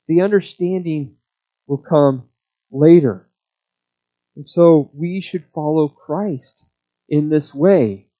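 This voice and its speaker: A man preaching a sermon, explaining a passage verse by verse in a slow, measured way. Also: sits high, dark tone, muffled recording. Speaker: pastor.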